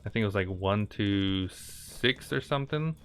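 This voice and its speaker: A gaming channel host with a low, resonant, slightly bright voice rambles through gameplay at a moderate pace, expressive and clear, laughing, telling stories, and making asides to the game. Faint game music plays underneath.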